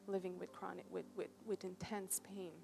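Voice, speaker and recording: A woman presenting a talk on a cruise ship shares a personal story conversationally, frequently checking in with her listeners. Her voice is on the low side and gravelly, her delivery flat at a normal speed, with music playing behind her.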